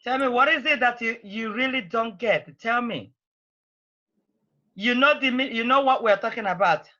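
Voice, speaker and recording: Bright, high-voiced teacher woman. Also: normal speed, highs cut off. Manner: prodding, patient, repeats phrases. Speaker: language teacher. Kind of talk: online class teaching.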